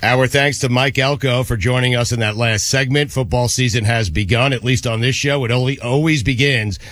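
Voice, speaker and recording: A man's voice: mid-range voice, normal speed, a bit bright, dry recording. A man hosting a sports radio show from a studio microphone, self-deprecating and joking, fighting a cough. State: coughing, choked up. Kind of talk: casual sports radio chat.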